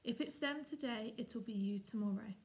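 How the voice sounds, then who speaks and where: A fierce, streetwise young she-cat speaks bluntly and urgently, read by a woman. The voice is gravelly and a bit high. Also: normal speed, darkish tone, natural voice.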